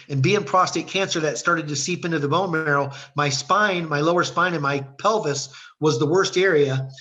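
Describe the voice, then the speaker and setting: A man's voice: a little high, a bit bright. A middle-aged man from Ohio, a guest telling his faith testimony in an earnest, storytelling way over a video call. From Ohio, USA. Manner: earnest storyteller who acts out quoted dialogue.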